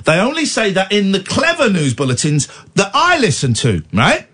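A man's voice: high-pitched, wildly swooping pitch, moderate pace, a bit bright, slightly rough. A man hosting late-night talk radio, tired with a cold, talking in a playful, mock-indignant way. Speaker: radio host.

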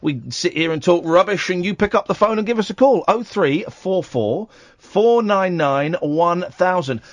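A man hosting late-night radio, speaking in a high, animated voice that jumps all over the place. His delivery is jokey and mock-outraged, full of restarts and tangents. The studio mic sounds close and dry. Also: normal speed, dry recording. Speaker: radio host. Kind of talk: late-night phone-in chat. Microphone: studio microphone.

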